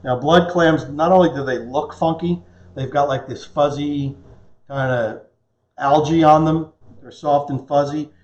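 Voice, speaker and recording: A man's voice: fairly high pitch, steady tone, measured pace, a little mellow. A man hosting a casual cooking demonstration in a kitchen, explaining things in a chatty way with small puns. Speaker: cooking show host. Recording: roomy, dull lo-fi kitchen sound.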